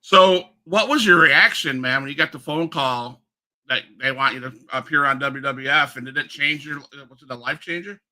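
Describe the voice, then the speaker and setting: A man's voice: on the high side, normal speed, pushed and bright. A man hosting a podcast, asking questions and reacting in casual conversation. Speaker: podcast host. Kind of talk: casual interview.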